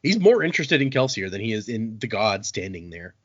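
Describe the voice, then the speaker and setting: A man's voice: lowish voice, brisk. A man hosting a podcast, retelling a book's plot in casual chat and acting out the quotes as he goes. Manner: animated, laughing, acts out quotes. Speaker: podcast host. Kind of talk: casual book-club chat, retelling a story. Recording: dull lo-fi podcast audio.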